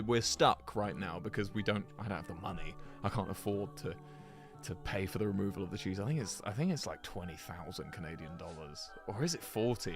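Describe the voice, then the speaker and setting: A man giving rambling, chatty commentary to his viewers while he plays a geography game, laughing often. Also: lowish voice. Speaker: streamer.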